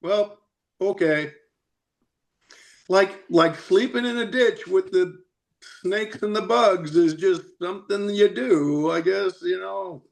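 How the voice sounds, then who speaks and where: Podcast guest, male, slightly higher pitch, animated storyteller. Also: measured pace, gravelly. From United States. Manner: animated, chatty, laughs often. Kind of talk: casual storytelling.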